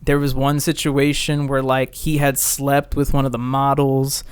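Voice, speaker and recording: A young man hosting a casual podcast chat, telling a story in an animated way and swearing freely. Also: mid-range voice, unhurried, clean tone, no echo. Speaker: podcast host.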